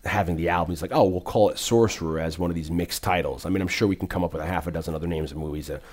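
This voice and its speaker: A man talks through a film in loose, casual podcast chat. His voice sits fairly low, and he rambles animatedly, stacking fillers and restarts as he goes. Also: fairly even intonation, rapid-fire, darkish tone.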